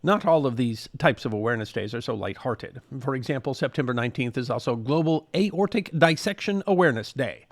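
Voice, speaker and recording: A man hosting a history show, giving scripted narration with a wry, measured storytelling delivery. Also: mid-range voice, expressive.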